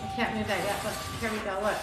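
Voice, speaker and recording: She talks fast in a mid-range voice with fairly even intonation, cooking on a live stream while greeting viewers by name. The woman, from Arizona and Maui, keeps things casual and flirty; the recording has room echo and loud background music.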